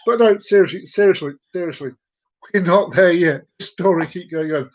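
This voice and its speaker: A man hosting a comedic live show, telling a long joke in a playful, drawn-out, sing-song way. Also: sits high, noisy background. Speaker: show host.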